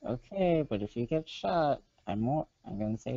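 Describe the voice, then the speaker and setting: A man's voice: mid-range voice, animated, moderate pace, dark tone, no room sound. A man co-hosting a casual podcast chat, dry and teasing in his remarks. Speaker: podcast co-host. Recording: dull lo-fi podcast mic.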